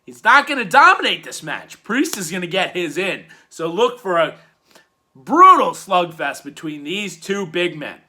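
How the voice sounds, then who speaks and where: A man hosting a weekly wrestling review in casual commentary, swinging from loud hyped bursts to low muttered asides. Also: big pitch swings, measured pace.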